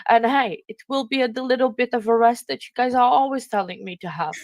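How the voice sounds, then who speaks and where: A woman hosting a livestream, crying as she talks, halting with many fillers and restarts. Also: a little high, dry recording. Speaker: livestream host. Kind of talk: emotional livestream farewell.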